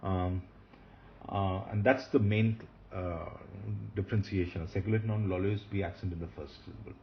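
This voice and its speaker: A man teaching Hebrew grammar in a recorded lecture, patient, repeating key points and often pausing with fillers. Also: low-pitched, fairly even intonation, highs cut off, a little hiss or hum.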